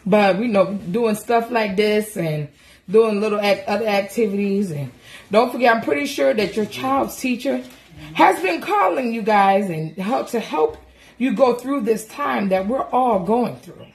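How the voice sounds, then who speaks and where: A woman's voice: medium pitch, lively intonation, unhurried. A woman and mother chatting casually to camera from her home kitchen, joking and laughing through her words. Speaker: mother and vlogger.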